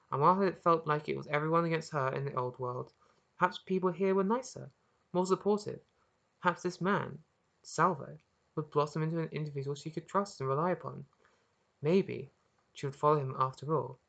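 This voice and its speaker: An author reading their own story aloud as narration, earnest and expressive, with occasional small restarts. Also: medium pitch, vocal fry. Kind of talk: audiobook narration.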